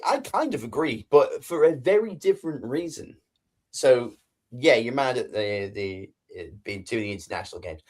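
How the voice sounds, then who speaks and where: Joking podcast co-host. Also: male voice, mid-range voice. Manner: joking, rambling banter. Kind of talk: casual chat.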